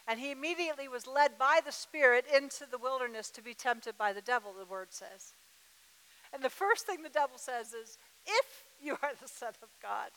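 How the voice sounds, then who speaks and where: High bright-voiced woman preaching. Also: normal speed. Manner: emphatic, repeats words, acts out dialogue. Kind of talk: sermon. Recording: reverberant hall.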